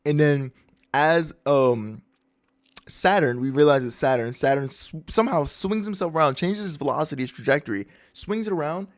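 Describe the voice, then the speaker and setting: A man casually recapping a manga chapter with excited slang and his own sound effects. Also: on the high side, normal speed. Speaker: manga breakdown host.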